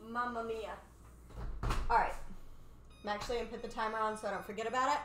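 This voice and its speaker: Lady rambling playfully while she cooks, kinda high voice, noisy kitchen. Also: fairly even intonation, quick pace, a bit bright. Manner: playful, rambling, laughs at own jokes. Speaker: cooking show host. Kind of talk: casual live cooking chat.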